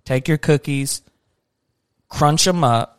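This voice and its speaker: A man's voice: fairly high pitch, slow pace, smooth, dry recording, studio quality. A man in his thirties hosting a casual family podcast with his daughter, joking and teasing. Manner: joking, teasing, bursts into laughs. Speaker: podcast host and dad.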